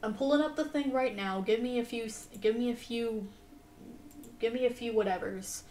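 A woman's voice: fairly high pitch, normal speed, darkish tone, slight background noise. A woman live-streaming a game in casual chat, exasperated and talking back at the game and her viewers. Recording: echoey room, mic set far off.

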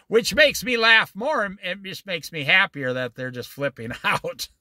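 A man's voice: high voice, no echo, clean studio sound. A middle-aged man leading an informal Bible study, telling stories in a folksy, emphatic way. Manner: folksy, animated storytelling with emphatic slow stresses.

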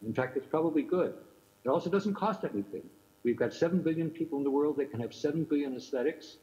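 A man's voice: a little high, fast talker, dark tone. An older man giving a keynote lecture in a thoughtful way, repeating rhetorical questions to his audience from another time zone. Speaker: keynote speaker. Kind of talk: academic lecture. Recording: muffled lo-fi recording.

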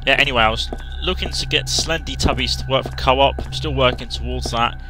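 A man giving casual commentary over a horror game, chatting, thinking aloud and reading the game's prompts out loud. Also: mid-range voice, a little fast, background noise. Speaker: let's play gamer. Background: game music.

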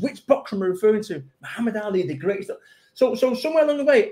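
A man's voice: very high-pitched, expressive, fast talker, a little mellow. A middle-aged man with a Manchester accent, a motivational speaker telling punchy, self-mocking stories in a casual interview chat. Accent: Mancunian. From England.

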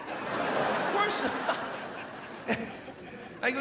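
A male stand-up comedian tells his stories with animated energy and laughs his way through the punchlines. His voice sits high and swings widely in pitch. He speaks into a handheld mic in a comedy club, with a long reverberant tail and a loud, noisy crowd behind him. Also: takes it slowly, gravelly, pauses often.

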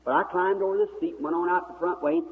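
A man's voice: high voice, fast. A man preaching a sermon, telling a story in a folksy, vivid way and acting out the dialogue. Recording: tinny old recording in a reverberant hall, faint hiss.

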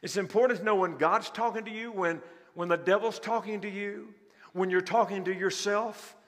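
Male pastor, high-pitched, repetitive sermon delivery in a large hall. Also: steady tone, normal speed, a bit bright. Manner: rhetorical questions to the congregation, repeats key phrases. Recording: long hall reverb.

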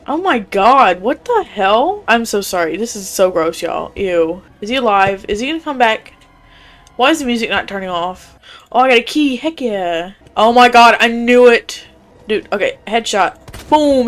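A woman's voice: on the high side, lively intonation, moderate pace. A young woman streaming a horror game, chatting casually and reacting in a jumpy, squeamish way. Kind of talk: live gameplay reaction.

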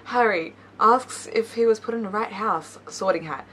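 A woman's voice: mid-range voice, moderate pace, pushed and bright, slightly rough. A young woman YouTuber reading memes aloud with playful commentary, giggling often and teasing herself. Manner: giggly, laughs between lines; playful, self-mocking asides.

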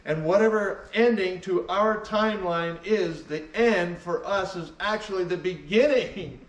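A man's voice: fairly high pitch, recorded from a distance. Man preaching a sermon in an echoey church. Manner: emphatic, repeats key phrases. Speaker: pastor. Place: church sanctuary.

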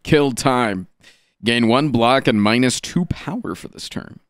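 A man streaming a card game, reading card text aloud and reacting with animated, profane commentary. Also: mid-range voice, measured pace, clean tone. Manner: animated and profane, swinging between flat card reading and excited outbursts.

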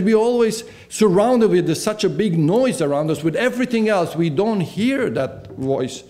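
A man's voice: sits high, warm tone. A man preaching a sermon as pastor in a church. He asks the congregation questions and then answers them himself. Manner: answers his own questions.

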